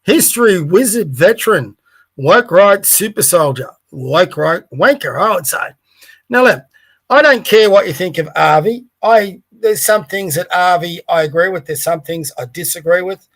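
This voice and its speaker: A man's voice: high-pitched, a bit bright. A man hosting a livestreamed podcast, giving blunt, rambling commentary with plenty of swearing. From Australia. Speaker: podcast host.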